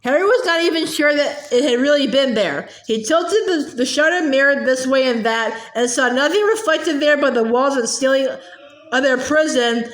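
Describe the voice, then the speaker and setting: A woman reads a novel aloud in a steady voice that sometimes stumbles and clears its throat. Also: sits high, moderate pace, reverberant. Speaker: audiobook reader.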